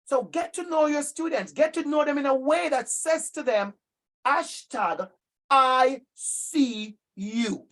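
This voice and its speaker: A man from Jamaica with a Jamaican accent, giving an emphatic, lively professional-development talk to teachers and addressing them directly. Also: very high voice, normal speed, few pauses. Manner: emphatic and animated, addressing listeners directly by name. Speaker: workshop presenter for teachers.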